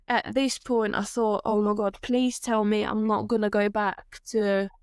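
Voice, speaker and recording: A woman, a guest on an interview podcast, telling her personal story in a candid, animated way and acting out bits of dialogue. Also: a little high, clear, resonant tone, no echo, studio quality.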